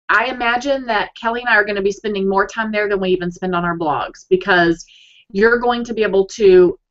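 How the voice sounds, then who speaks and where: A woman's voice: medium pitch, fairly bright tone. Chatty woman on lo-fi video call. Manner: upbeat and chatty, restarts often. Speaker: co-host of a blogging webinar. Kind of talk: casual live webinar chat. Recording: dull lo-fi video call audio.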